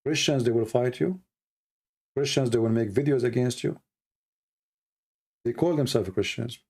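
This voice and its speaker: Gravelly, dark-voiced man speaking broken English. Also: moderate pace. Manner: non-native English with broken grammar; emphatic, grows heated and high-pitched when mocking critics. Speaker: livestream host. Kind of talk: casual spoken monologue.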